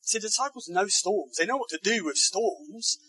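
A man's voice: sits high, normal speed, pushed and bright, breathy edge, no room sound, rough recording. A man preaching a sermon, who speaks in emphatic, building phrases and keeps asking the congregation rhetorical tag questions.

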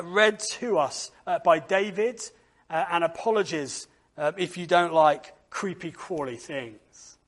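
A man with a high voice leads a church service and tells a story slowly. He reads aloud expressively and fills his pauses with "uh". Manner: expressive read-aloud with frequent uh fillers. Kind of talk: storytelling children's talk.

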